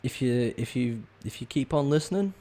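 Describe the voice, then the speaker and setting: A man's voice: mid-range voice, lively intonation, moderate pace, dark tone. A man hosting his own show, ranting casually in a profane, rambling way with lots of ums and restarts. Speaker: podcast host. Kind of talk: casual comedic rant.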